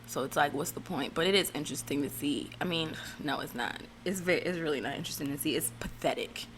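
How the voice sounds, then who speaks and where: A woman's voice: low-pitched, quick pace, a bit bright, a little hiss or hum. A woman giving casual, blunt and profane reality TV recap commentary, rambling with fillers and restarts.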